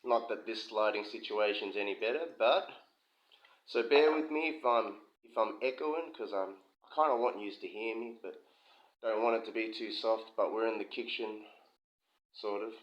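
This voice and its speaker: A man's voice: on the low side, normal speed. A man giving a casual, rambling whisky review from his home kitchen, full of asides. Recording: dull lo-fi sound with slight room echo.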